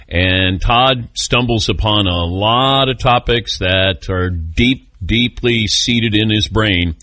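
A man hosting a sports talk radio show, brisk and conversational with callers and guests. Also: lowish voice, pushed and bright, no echo.

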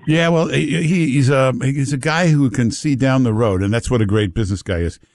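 A man's voice: mid-range voice, fairly quick, darkish tone, a little hiss or hum. A man hosting a call-in talk radio show, chatty and teasing, repeating himself for emphasis. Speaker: radio talk show host taking calls. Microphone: studio microphone.

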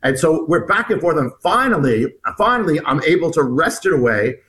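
A man, somewhat high-voiced, telling a guest's story in an interview. He speaks haltingly, restarting his sentences and repeating words as he goes. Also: sing-song, a bit bright, poor audio. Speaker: author guest. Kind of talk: recounting a personal story in an interview.

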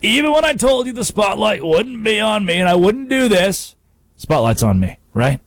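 A man's voice: sits high, sing-song, normal speed, dry recording, voice pushed up, exaggerated voice. A man putting on a vain, attention-hungry male sports star in a raised, preening voice.

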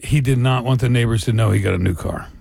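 A man hosting a radio show, relaxed and reading out listener comments. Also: mid-range voice, fast talker, creaky, breathy edge, dry recording, clean studio sound. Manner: relaxed, reads listener comments, laughs easily. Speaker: radio host. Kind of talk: casual radio banter.

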